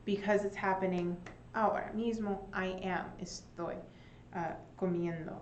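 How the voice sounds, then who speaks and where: A woman teaching an English lesson, saying short phrases slowly and clearly for learners. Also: medium pitch, fairly even intonation, a little mellow, echoey room, dull audio. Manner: slow, clearly spaced teaching delivery with short repeated phrases. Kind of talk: online English lesson for Spanish speakers.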